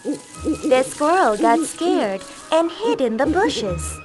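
A woman narrating a children's storybook with a slow, clear, expressive delivery. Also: sits high, music in the background.

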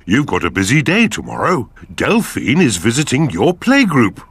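A bumbling, pompous pig dad. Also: male voice, medium pitch, huge pitch swings, moderate pace, fairly bright tone, husky, no echo, heavily acted. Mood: jolly. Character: jolly pig father, a little pompous. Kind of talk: cartoon voice acting.

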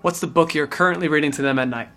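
A man asking rapid-fire interview questions from off camera, brisk and upbeat. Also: on the high side, pushed and bright, soft background music.

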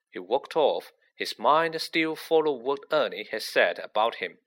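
Expressive man narrating a storybook. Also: mid-range voice, unhurried, hardly any pauses. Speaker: audiobook narrator.

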